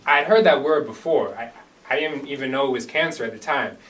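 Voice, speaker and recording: A man's voice: medium pitch, a little fast, a bit bright. A man performing an earnest first-person dramatic monologue after a hesitant introduction. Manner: earnest storytelling, hesitant fillers when introducing. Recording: distant microphone.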